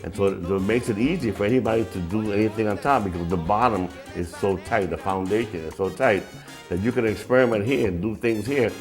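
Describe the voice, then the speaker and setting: A man's voice: fairly low pitch, a little fast, soft background music. A male musician in a documentary interview, explaining emphatically.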